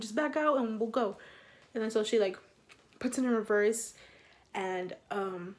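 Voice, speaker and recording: A young woman in a casual storytime vlog, animated and swearing, acting out what people said. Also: a little high, a little fast. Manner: animated, swearing, acts out quotes with laughs. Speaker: vlogger.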